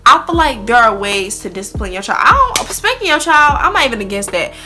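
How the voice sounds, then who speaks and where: A young woman chatting candidly to camera as a vlogger, blunt and expressive, speaking straight to her viewers. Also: a little high, fairly quick, over music. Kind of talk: candid casual chat to camera.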